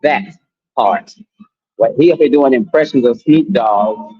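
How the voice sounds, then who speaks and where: A man's voice: mid-range voice, measured pace, breathy edge, no echo, muffled recording. A man hosting a live talk stream, commenting bluntly and skeptically with laughing asides. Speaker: host.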